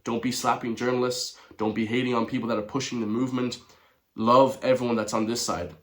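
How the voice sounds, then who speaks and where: A man's voice: medium pitch, little pitch movement, brisk. Chatty Irish man addressing viewers. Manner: chatty, chuckling, calls viewers lads and guys. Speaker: online commentator. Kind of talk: casual commentary to viewers.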